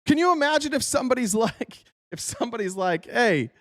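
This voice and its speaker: A man's voice: very high-pitched, animated, fast talker, no room sound, studio quality. Blunt, profane male political commentator.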